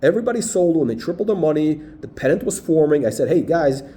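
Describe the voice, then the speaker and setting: An emphatic man talks through stock charts in a lively, up-and-down delivery, his pitch jumping around. The voice sits somewhat high for a man but has a mellow, dark color. He drives his points home with repeated bursts of "boom" and "okay". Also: quick pace. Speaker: stock market commentator. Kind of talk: chart walkthrough video.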